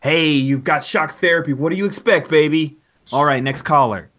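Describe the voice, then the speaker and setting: A man's voice: mid-range voice, expressive, takes it slowly, fairly bright tone, pitched above the performer's own voice. A man voicing a pushy, swaggering male radio advice show host. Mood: brash.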